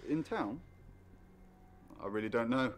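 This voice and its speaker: An actor playing a suave, evasive man under suspicion in a video game, smooth and wry. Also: mid-range voice, expressive, unhurried, slight background noise, natural voice.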